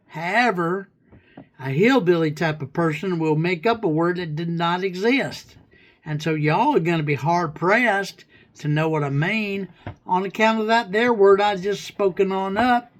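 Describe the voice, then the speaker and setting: A man voicing a folksy, flirty hillbilly who makes up words, with a put-on Southern hillbilly accent, bantering on a livestream. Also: high voice. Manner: drawling, rambling, coins fake words.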